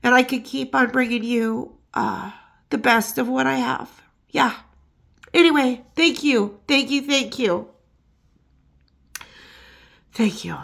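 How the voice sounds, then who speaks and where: Female vlog host, unhurried, slightly high voice, chatty and emotional with frequent laughs. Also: gravelly, a bit bright. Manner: emotional, laughs often, many fillers. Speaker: YouTube gossip host. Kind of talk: casual chat and rhyming poem reading.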